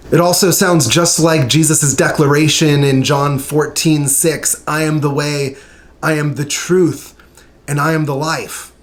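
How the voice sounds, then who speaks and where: A medium-pitched man teaches a short Bible study. He reads scripture aloud in an earnest, measured way, using emphatic pauses.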